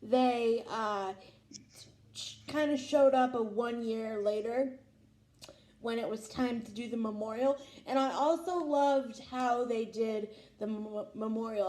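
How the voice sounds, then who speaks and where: A young woman chats casually about a show she loves as host of her own vlog. She is emotional and gushing, full of exclamations, and her voice sits a little high with a mellow, warm tone. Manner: gushing, emotional, lots of "oh my God". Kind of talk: casual fan reaction chat.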